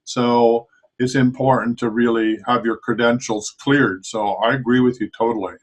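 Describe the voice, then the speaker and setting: A man hosting an interview, starting haltingly and correcting himself before talking fluently. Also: mid-range voice, fairly even intonation, poor audio. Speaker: host. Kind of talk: interview talk.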